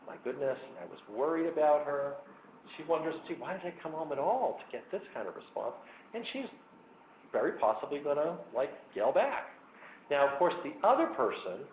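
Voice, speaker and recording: An animated man lecturing, his pitch swinging widely as he acts out heated remarks. The sound is roomy and echoey, with faint background noise. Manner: animated, acts out angry quotes. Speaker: clinical psychologist lecturer. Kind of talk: educational webinar lecture.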